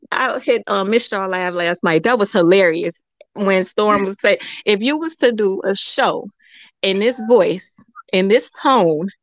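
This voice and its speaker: Animated woman hosting a call-in chat. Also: mid-range voice, dry recording, lo-fi sound. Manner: animated, laughing often, rambling. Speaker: show host. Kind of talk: casual chat, call-in show.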